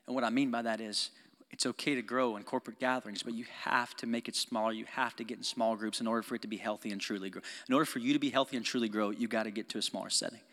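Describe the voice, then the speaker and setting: Passionate pastor preaching in an echoing church. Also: male voice, mid-range voice, steady tone, rapid-fire. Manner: passionate, swings from loud exhortation to quiet intimate talk; laughs often, conversational asides to the congregation. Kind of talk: sermon. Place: church sanctuary. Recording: long reverb of a church hall.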